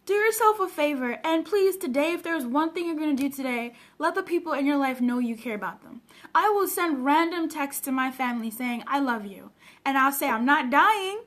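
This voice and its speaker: A woman's voice: sits high, lively intonation, brisk. A woman from Africa working as a personal development coach, talking earnestly and emotionally to viewers on a casual live stream and answering their comments, recorded at home on a webcam.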